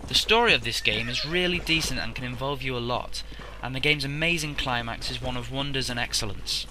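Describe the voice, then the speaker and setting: A man reading a game review in a steady, measured, slightly formal way. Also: medium pitch, noisy background. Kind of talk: read game review voice-over.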